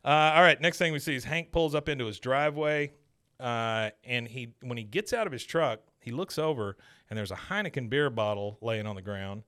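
A man's voice: mid-range voice, fairly quick, fairly bright tone, dry recording, clean studio sound. A man hosting a podcast, casually retelling a cartoon episode and briefly mimicking the characters' lines. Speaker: podcast host.

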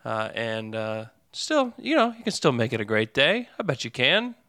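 A man's voice: mid-range voice, big pitch swings, moderate pace, pushed and bright, dry recording, clean studio sound. A man hosting a sports podcast, chatting casually with fillers and self-corrections. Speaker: podcast host.

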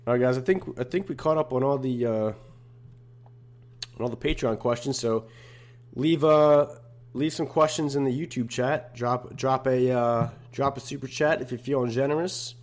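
A man's voice: mid-range voice, normal speed, darkish tone. Laid-back slangy young man hosting. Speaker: podcast host. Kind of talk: casual solo podcast chat.

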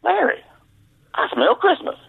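A man's voice: very high-pitched, huge pitch swings, a little slow, gravelly, voice pushed up, exaggerated voice. A man voicing a stern, blunt older male boss at a golf course, heard over a tinny phone line. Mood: suspicious.

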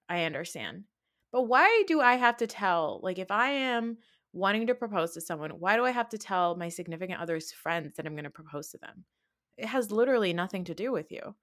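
Woman podcast host going off about reality tv, lots of "like", worked up and talky. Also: on the low side. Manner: indignant, animated ranting with frequent "like". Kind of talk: casual reality TV recap.

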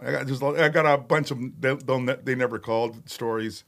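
A middle-aged man, a metal singer telling stories as a podcast guest, animated, laughing and swearing freely. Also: mid-range voice, brisk, creaky. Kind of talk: casual storytelling chat. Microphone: podcast studio mic.

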